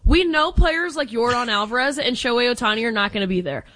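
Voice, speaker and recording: Female sports radio co-host, very high voice, opinionated and lively. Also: fast. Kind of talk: casual sports radio chat.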